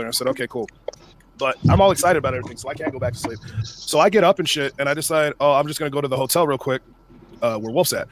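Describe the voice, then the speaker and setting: A man with a mid-range voice speaks quickly and animatedly, cursing often and acting out the lines of other people in his story. Faint background noise sits under his voice. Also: mid-range voice. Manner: animated, profane, acts out quoted dialogue. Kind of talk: casual storytelling chat.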